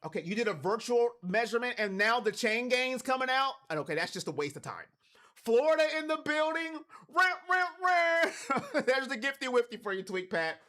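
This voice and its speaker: A man's voice: very high voice, lively intonation, fairly quick. A man from Cleveland hosting a live watch party stream, calling plays and talking to his chat. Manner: hypes chat, shouts on big plays.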